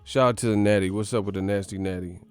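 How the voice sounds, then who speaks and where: A man hosting a boxing channel, talking casually and excitably at home, profane and quick to laugh. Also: lowish voice, clear, resonant tone, faint music behind. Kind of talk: casual commentary.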